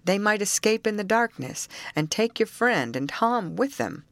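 A woman voicing a steady middle-aged foreman who speaks in a firm, reassuring way. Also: medium pitch, normal speed, no room sound, pitched above the performer's own voice, close to an everyday voice.

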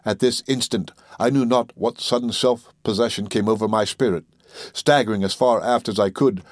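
A man narrating a classic literary story in a measured, solemn storytelling manner. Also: fairly low pitch, a little mellow, dry recording, studio quality. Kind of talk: audiobook reading of classic literature.

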